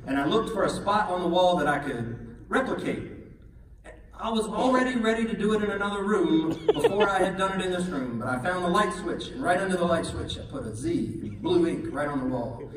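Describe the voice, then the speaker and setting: A man's voice: high-pitched, animated, brisk, very noisy. Chuckling man telling stories in an echoey hall. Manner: self-deprecating, chuckling often, earnest. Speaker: son giving a memorial tribute. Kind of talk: humorous eulogy storytelling. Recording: echoey hall recorded from far off.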